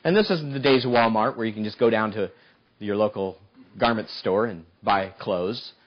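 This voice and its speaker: A man preaching a sermon, telling a story in an animated way and often repeating words as he restarts. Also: fairly low pitch, moderate pace, muffled recording.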